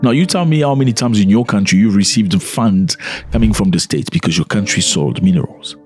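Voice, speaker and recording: A man's voice: fairly low pitch, brisk, darkish tone, faint music behind. A man giving casual video commentary, speaking conversationally and often putting questions to the viewer.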